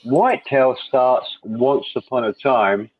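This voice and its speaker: A man's voice: mid-range voice, slow, no echo. A man hosts a casual live chat, wandering from joke to comment in a loose, talkative way. His mid-range voice comes through a narrow, tinny phone-like line. The sound is dry, with no room around it. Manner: rambling, chatty, reads viewer comments aloud. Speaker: host.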